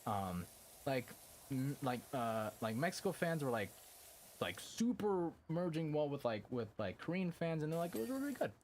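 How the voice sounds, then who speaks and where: A man's voice: a little high, big pitch swings, moderate pace, darkish tone, slight background noise. Rambling young man streamer. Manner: rambling, heavy on fillers, swears casually. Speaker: game streamer. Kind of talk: casual live-stream chat.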